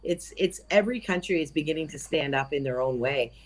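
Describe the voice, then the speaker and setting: A woman's voice: deep voice, animated, a little fast. Chatty woman. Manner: chatty, laughs often, trails off mid-sentence. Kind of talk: casual panel chat.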